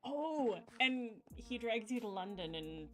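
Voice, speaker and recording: A woman's voice: on the high side, lively intonation, slow, fairly bright tone, soft background music, low-quality recording. A woman hosting a gaming video, chatting casually and explaining things in a rambling way with many fillers. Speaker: gaming channel host. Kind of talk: casual gameplay chat.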